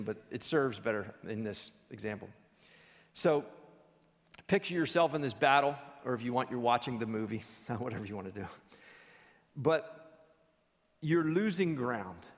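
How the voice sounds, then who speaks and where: A man teaching a church Bible study in a conversational, animated storytelling way. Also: mid-range voice, in a large hall.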